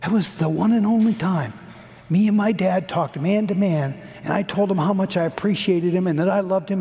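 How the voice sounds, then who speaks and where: A middle-aged male preacher gives an earnest storytelling sermon with a gravelly voice. His voice sits fairly high and swings between raised peaks and quiet hushes. A long reverb from a church hall trails each phrase. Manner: earnest storytelling that rises high and falls to a hush.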